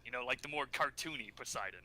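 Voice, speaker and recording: A man's voice: mid-range voice, fast talker, bright, forceful tone, low-quality recording. A man chatting casually on a podcast, giggling often and restarting his sentences. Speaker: podcast co-host. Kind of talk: casual chat.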